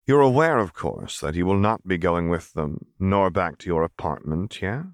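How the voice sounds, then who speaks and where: A man's voice: sits low, expressive, normal speed, dry recording, clean studio sound. A man reading an audiobook, voicing a smug, powerful woman company director in a languid, teasing manner. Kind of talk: audiobook character voice.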